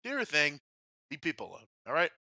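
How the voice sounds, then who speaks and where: A bright, forceful male voice cuts through a dry, dull-sounding remote line. He co-hosts a casual sports betting show and rants with blunt, profane storytelling, mid-pitched and direct. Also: wildly swooping pitch, fast talker, gravelly, no room sound. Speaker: podcast co-host.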